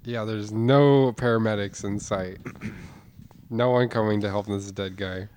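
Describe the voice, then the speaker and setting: Lower-voiced man with wry asides. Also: fairly even intonation, a little slow, a little mellow, a little hiss or hum. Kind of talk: comedic game role-play.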